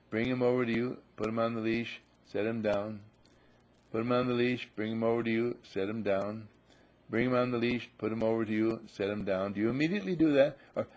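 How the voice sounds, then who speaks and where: A husky-voiced man lectures a gathered group as their spiritual teacher. He quizzes his listeners directly, then drives each lesson in by repeating the same line again and again. His delivery is emphatic and firm. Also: medium pitch, darkish tone. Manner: questioning, repetitive, emphatic.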